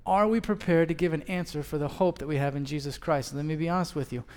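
A man's voice: fairly high pitch, fast, clear, resonant tone. A man in his thirties preaching a sermon as a pastor, telling a story and acting out both sides of the conversation. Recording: long hall reverb.

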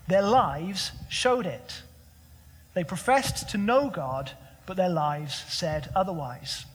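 A man's voice: high-pitched, fairly bright tone, husky, big-room sound. A young man preaching a sermon as pastor, conversational and full of rhetorical questions.

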